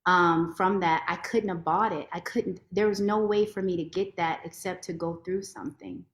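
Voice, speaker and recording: A woman lawyer giving a heartfelt, expressive personal testimony as a podcast guest. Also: lowish voice, normal speed. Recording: roomy echo.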